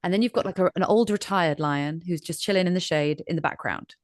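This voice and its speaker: A woman from Ireland hosts a conversational interview about boxing, lively and expressive, slipping into little acted-out voices as she tells a story. Her voice sits a touch low for a woman, and the recording is close and dry, with no room sound. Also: a little fast, no room sound. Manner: animated storyteller, acts out voices in analogies. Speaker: host.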